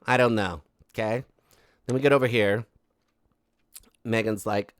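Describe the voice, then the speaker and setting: A man's voice: medium pitch, normal speed, long pauses, no echo, studio quality. A man giving casual gossip commentary, rambling and sarcastic with many fillers and asides. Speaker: commentary host.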